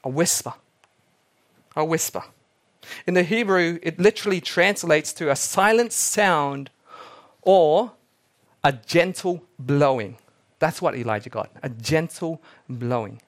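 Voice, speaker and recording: Male pastor, slightly high voice, dramatic sermon delivery with hushed repetitions. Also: lively intonation, unhurried, long pauses. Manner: dramatic, drops to near-whispers for emphasis, repeats key words.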